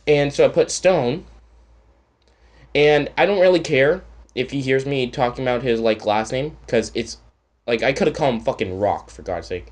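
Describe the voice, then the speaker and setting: A man's voice: mid-range voice, normal speed. A man from Canada telling a story in a casual, rambling rant, swearing often and sarcastic. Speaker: channel host.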